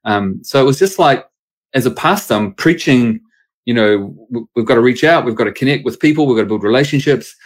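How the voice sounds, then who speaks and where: A man's voice: medium pitch, expressive, a little fast. A man, a pastor and sports chaplain, telling stories casually in an interview and acting out the voices of people he quotes.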